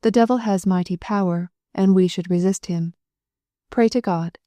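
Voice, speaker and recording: A woman voicing a kindly, weary little old priest who speaks rapidly without pause, in an audiobook. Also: medium pitch, dark tone, no echo, close to an everyday voice. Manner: rapid, habitual, unbroken delivery.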